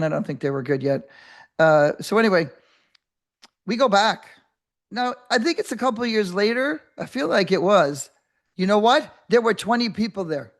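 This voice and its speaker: An older woman hosting a podcast, telling a story in a rambling, animated way with many restarts and acted-out voices. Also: mid-range voice. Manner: animated, acts out quoted voices. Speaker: podcast host. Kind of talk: casual storytelling monologue.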